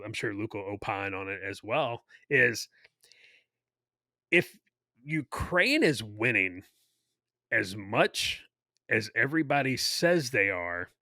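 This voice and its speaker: A man's voice: lowish voice, sharp tone, dry recording, clean studio sound. A man, an army veteran, co-hosting a casual podcast and rambling through his points with many fillers and restarts. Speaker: podcast co-host.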